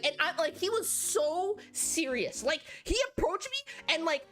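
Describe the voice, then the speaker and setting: A woman's voice: very high voice, animated, measured pace, hardly any pauses, fairly bright tone, faint music behind. A young woman streamer casually telling rambling work stories, often laughing at them herself. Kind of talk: casual livestream storytelling.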